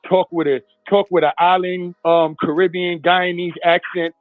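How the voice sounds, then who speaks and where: Man, storytelling, explaining, phone-like thin sound, dry, slightly high voice, faint music. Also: level tone, normal speed, dry recording. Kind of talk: casual group chat.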